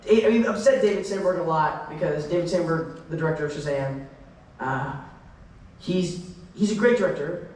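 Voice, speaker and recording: Young man, high voice, rambling self-interrupting answers, echoey convention hall, heard from afar. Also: normal speed, darkish tone, recorded from a distance, slight background noise. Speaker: celebrity panel guest.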